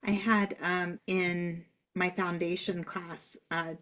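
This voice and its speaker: A woman co-hosting a casual podcast, her voice on the lower side. She speaks softly and affirms what her partner says. Her pace is relaxed and conversational. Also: slow pace. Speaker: podcast co-host and Human Design coach.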